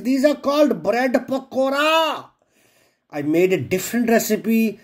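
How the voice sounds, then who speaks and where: A man's voice: extremely high pitch, animated, measured pace. A man presenting a home cooking video in a casual, jokey way, swearing freely and poking fun at himself. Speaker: home cook presenting a recipe.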